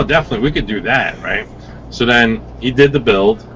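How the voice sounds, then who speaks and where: A man telling a story in casual chat, animated and profane, acting out the quoted lines of other people. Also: lowish voice, brisk, a little hiss or hum, rough recording. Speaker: vape reviewer guest.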